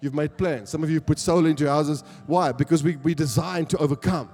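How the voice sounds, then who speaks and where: A man's voice: fairly high pitch, quick pace, hardly any pauses, mellow. A man with a South African accent, preaching a sermon to a church congregation and building to emphatic calls for agreement. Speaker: pastor. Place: church hall. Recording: long church hall reverb with faint music.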